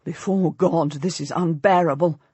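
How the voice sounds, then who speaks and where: A woman's voice: fairly low pitch, steady tone, normal speed, mellow, slightly rough, no echo. A woman reading an audiobook voices a hot-tempered young nobleman who turns coldly scornful. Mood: tense. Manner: icy, tense. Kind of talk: audiobook narration.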